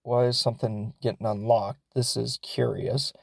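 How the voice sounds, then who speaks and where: A man's voice: mid-range voice, steady tone, moderate pace, creaky, a little mellow, no echo, studio quality. A man doing a cruel army captain, offhand. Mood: curt.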